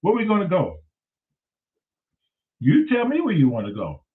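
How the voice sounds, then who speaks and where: Man, lively comic storyteller, higher voice, tinny and distant like a phone line. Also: normal speed. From Detroit, USA. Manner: profane, animated, acts out voices of others. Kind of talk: comedic storytelling.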